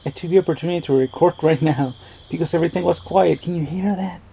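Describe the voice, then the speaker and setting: A man with a gravelly, mellow voice, pitched a touch high, talks through a movie at home. His commentary rambles and jokes, doubling back mid-sentence. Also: fast, a little hiss or hum. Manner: rambling, joking, restarts often. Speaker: movie reaction vlogger. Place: indoors at home.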